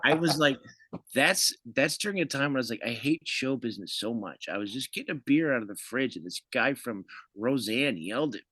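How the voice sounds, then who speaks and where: A comedian in casual podcast chat, an animated storyteller who swears and laughs a lot. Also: male voice, mid-range voice, a little fast, few pauses, no room sound, rough recording. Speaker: comedian guest.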